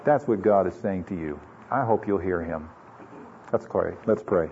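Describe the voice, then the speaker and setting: A man's voice: low voice, moderate pace, noisy background. A man from the United States preaching an earnest, conversational sermon full of rhetorical questions, in a dull lo-fi recording. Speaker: pastor.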